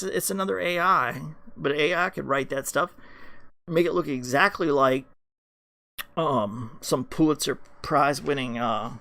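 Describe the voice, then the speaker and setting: Man, podcast host, rambling profane rant, raspy fry, slightly higher pitch. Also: bright, forceful tone. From United States. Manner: ranting, heavy swearing, many fillers and restarts.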